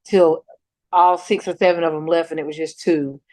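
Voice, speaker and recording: A middle-aged woman slowly recounting a painful personal experience, halting and restarting often. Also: low-pitched, steady tone, darkish tone, no room sound. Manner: slow, halting retelling with many restarts and fillers. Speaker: mother telling her story as a guest. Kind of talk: emotional personal account.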